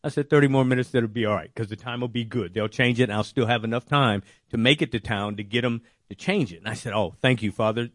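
A man telling a personal faith testimony, animated and acting out his own worried words. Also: medium pitch, fast talker, few pauses, no echo, clean studio sound. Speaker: testimony speaker.

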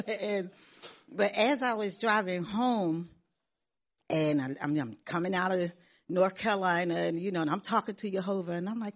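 A woman's voice: lowish voice, normal speed. Woman giving an earnest church testimony, lo-fi. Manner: earnest, repeats herself, laughs often. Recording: dull lo-fi sound.

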